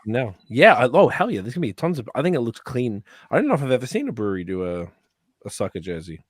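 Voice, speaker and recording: A man's voice: mid-range voice, big pitch swings, quick pace, dry recording, clean studio sound. A man hosting a podcast, chatting casually and enthusiastically with rambling tasting notes and casual swearing. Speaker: podcast host.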